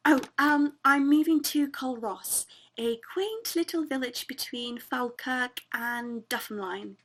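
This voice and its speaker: A woman's voice: high-pitched, takes it slowly, fairly bright tone, exaggerated voice. A student actress playing a painfully posh young English woman with a prim, giggly manner on a video call. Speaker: student actor. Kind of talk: online student theatre.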